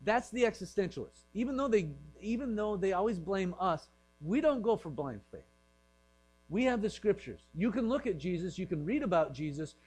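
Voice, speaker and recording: Pastor, male, light-pitched, casual joking delivery with hushed acted asides; faint electrical hum. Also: expressive, normal speed, poor audio. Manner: joking, acts out voices in quiet asides. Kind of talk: conversational sermon.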